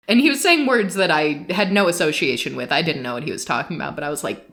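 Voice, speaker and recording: Woman, podcast co-host, bright tense tone, animated, self-deprecating, laughs a lot. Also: low-pitched, quick pace, few pauses. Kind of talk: casual anecdote telling.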